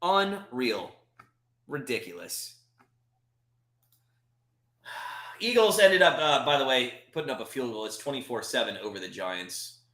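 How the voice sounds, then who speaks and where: The sound is roomy as a man at medium pitch calls plays at a live watch party, speaking unhurriedly with long pauses. As a frustrated, animated fan, he moves from calm play-by-play into exasperated outbursts.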